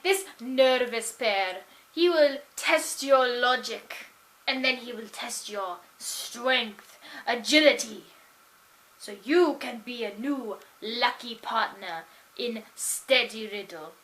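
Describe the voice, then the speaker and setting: A woman putting on the voice of a rambling game show promoter in an improvised character monologue, with a slow, drawn-out, effusive delivery. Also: on the high side, fairly bright tone.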